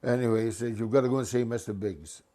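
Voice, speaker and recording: An older man tells a rambling, comic story in a casual, conversational way. He keeps slipping into raised, excited voices for the people in his tale. His pitch sits at an ordinary middle level for a man. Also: quick pace. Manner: lively, acts out voices of passengers with raised pitch. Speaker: storyteller, former bus driver. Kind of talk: casual anecdote telling.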